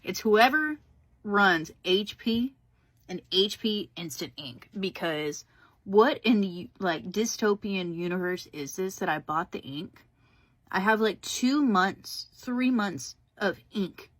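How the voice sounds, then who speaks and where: A woman's voice: mid-range voice, lively intonation, slow pace, fairly bright tone, dry recording. A woman ranting to the camera, indignant and sarcastic, exaggerating her anger. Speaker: customer venting on video. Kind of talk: exasperated rant to camera.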